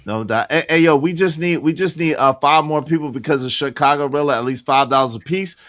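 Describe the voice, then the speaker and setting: A man's voice: a little high, brisk, fairly bright tone. A man hosting a casual livestream panel, arguing his points insistently and repeating them for emphasis. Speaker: livestream host.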